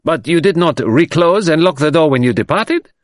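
A man reading an audiobook voices an excitable middle-aged French police commissary who blurts out high, breathless exclamations. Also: moderate pace, no echo, clean studio sound, close to an everyday voice. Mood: pressing.

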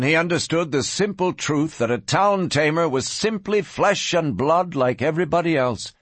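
Male narrator, western audiobook, husky voice, lively rising and falling delivery, dry close sound. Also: medium pitch, no echo. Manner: dramatic, expressive storytelling.

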